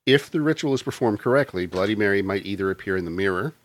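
A man's voice: fairly low pitch, animated, fast, no echo. A man hosting a casual podcast, reading notes aloud between jokes. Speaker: podcast host reading the lore.

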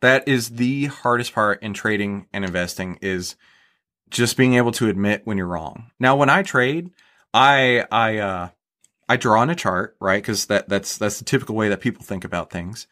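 A man being interviewed as a guest on a podcast, explaining his approach in a relaxed conversational way, often restarting words and checking in with "right?". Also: on the low side, moderate pace. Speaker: guest, stock trader.

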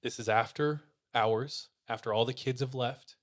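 A man hosting a podcast, casually retelling a listener's ghost story to his co-hosts in a relaxed, slangy way. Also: mid-range voice, normal speed. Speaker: podcast host.

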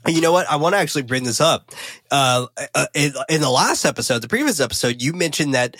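A man co-hosting a podcast, recapping a film in casual chat, excitable and swearing freely with lots of fillers. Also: a little high, fast talker, no echo. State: caffeinated and talking fast.

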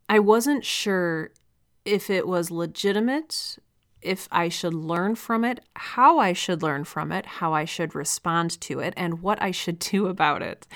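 A young woman hosting a podcast, speaking candidly and reflectively in casual solo talk, with light laughs as she goes. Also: lowish voice. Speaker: podcast host and audio drama creator.

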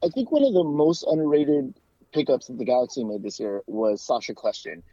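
Male podcast guest from the US, chatty and self-correcting, warm low tone, muffled lo-fi audio. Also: no echo. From United States. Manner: chatty, talks in quick bursts with frequent restarts and fillers. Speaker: guest, soccer club fan and podcast co-host. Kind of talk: casual interview.

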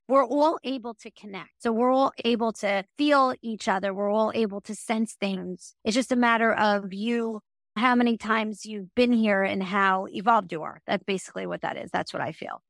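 Gravelly woman, earnest rambling talk. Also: mid-range voice, a bit bright, no echo, studio quality. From New Jersey. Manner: earnest, talks in rambling restarts. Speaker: psychic medium guest. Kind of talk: casual conversation.

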